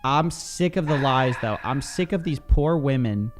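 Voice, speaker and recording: A man's voice: medium pitch, expressive, a little slow. Male podcast host, casual and earnest, faint background music. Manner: earnest, agreeable, says "dude" often.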